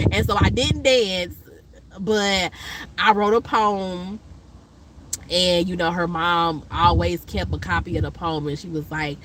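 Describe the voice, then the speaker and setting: A woman vlogger, telling a rambling personal story with many fillers and loud, high impressions of other people. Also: fairly even intonation, a little slow, a little hiss or hum, low-quality recording. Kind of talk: casual storytelling chat.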